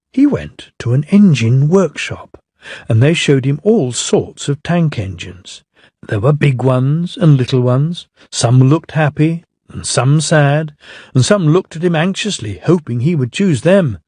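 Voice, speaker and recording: A man narrating a children's railway story in an expressive, gently paced storytelling manner. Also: on the high side, measured pace, slightly rough, no echo.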